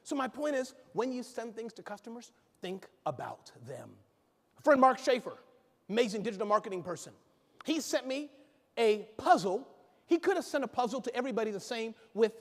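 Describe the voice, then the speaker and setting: A man giving an energetic conference keynote, joking and bantering with the audience from the stage. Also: very high voice. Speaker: keynote speaker. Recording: echoey hall reverb.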